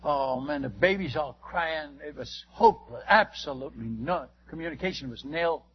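A man with a high, slightly husky voice spins a rambling missionary anecdote, full of exclamations and false starts. The recording is dull and lo-fi, as if from an old tape. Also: moderate pace. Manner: lively, exclamatory, many restarts. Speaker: missionary preacher. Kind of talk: anecdotal storytelling to a listener.

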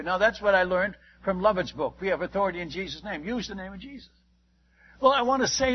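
A man in the role of a missionary preaches his testimony, building the story with emphasis and turning to ask his listeners direct questions. His voice sits high for a man and has a husky edge. The recording is dull and lo-fi. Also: lively intonation, normal speed. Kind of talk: testimony sermon to a congregation.

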